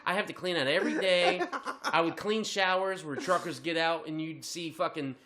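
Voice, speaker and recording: Male podcast co-host: profane, animated storyteller with a bright, slightly high voice. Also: moderate pace, a little hiss or hum. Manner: profane, animated, laughing while telling a story. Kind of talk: crude comedic storytelling.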